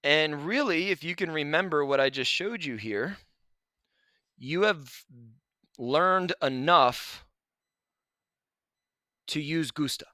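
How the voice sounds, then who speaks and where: A man teaching a grammar lesson over slides, relaxed and chatty, with asides to his students. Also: fairly high pitch, slow, pauses often, dry recording. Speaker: Spanish teacher.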